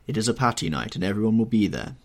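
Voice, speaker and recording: A man voicing a worldly, cynical aristocratic English gentleman in an audiobook reading, with a husky tone and an urbane, offhand manner. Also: on the low side, sing-song, fast.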